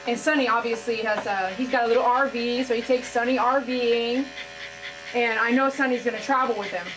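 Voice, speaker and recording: A woman with a fairly high voice chats emotionally to her viewers as she grooms a dog. The steady buzz of clippers hums behind her in the salon. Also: fairly quick, background noise. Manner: emotional, heartfelt, says "man" often. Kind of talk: casual vlog talk while grooming.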